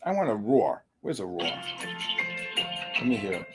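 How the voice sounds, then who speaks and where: A middle-aged man hosting a live futures trading stream, with excitable commentary, loud outbursts and joking exasperation. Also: on the low side, normal speed, over loud music.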